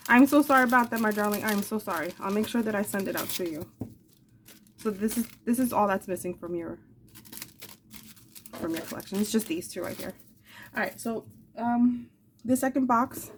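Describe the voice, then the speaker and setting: A woman's voice: mid-range voice, slight background noise. A woman in her forties, chatting casually and affectionately as she shows off craft supplies, with rambling asides. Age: 40s. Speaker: craft channel host. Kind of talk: casual show-and-tell chat.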